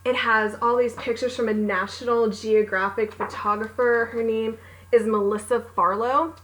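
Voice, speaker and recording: In a low-quality recording, a young adult woman who is an author and book vlogger gushes about her favorite books in a casual recommendation vlog, acting out her reactions with bubbly enthusiasm. Her voice is on the high side and a bit bright, with fairly even intonation at a moderate pace.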